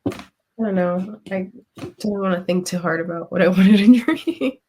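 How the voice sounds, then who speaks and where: A woman's voice: medium pitch, normal speed, warm tone, slightly rough. A woman co-hosting a podcast, rambling casually with frequent laughs and the odd swear. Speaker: podcast co-host. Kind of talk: casual chat.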